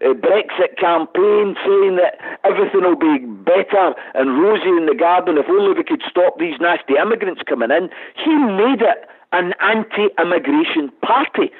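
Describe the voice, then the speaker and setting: A man's voice: sits high, slightly rough. A Scottish man arguing politics with passion and emphasis as a radio guest, speaking over the phone. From Scotland. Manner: impassioned, emphatic, calls host mate. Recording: tinny phone line.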